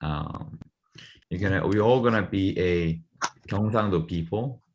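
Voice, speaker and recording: Low-voiced man teaching over a video call. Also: normal speed, lo-fi sound, background noise. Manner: patient, drills phrases aloud for learners to repeat. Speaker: Korean language teacher. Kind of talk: online group language lesson.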